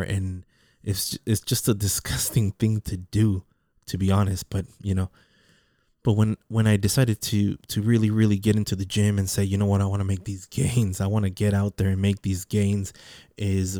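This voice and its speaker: Rambling low-voiced man, mellow. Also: dry recording, studio quality. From Mexican heritage. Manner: rambling, repeats words, restarts often. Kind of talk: casual personal monologue.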